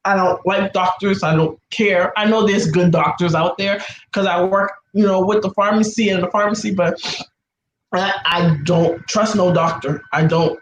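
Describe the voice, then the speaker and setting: A woman, a guest, telling an upsetting personal story in a halting, emotional, repetitive way. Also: medium pitch, fairly even intonation, lo-fi sound, a little hiss or hum. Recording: roomy echo.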